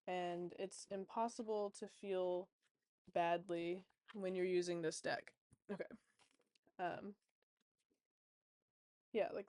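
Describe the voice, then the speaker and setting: Rambling woman with a mellow voice. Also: fairly low pitch, no room sound. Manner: rambling, chatty, many fillers. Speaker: tarot reader. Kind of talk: casual vlog chat.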